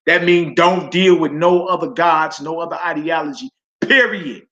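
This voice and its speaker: A man's voice: on the high side, steady tone, normal speed, a bit bright, lo-fi sound. Casual St. Louis man preaching. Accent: St. Louis, Missouri. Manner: casual preaching with slang asides to the audience. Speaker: teacher of a religious assembly. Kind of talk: sabbath teaching, scripture study. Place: assembly hall with an audience.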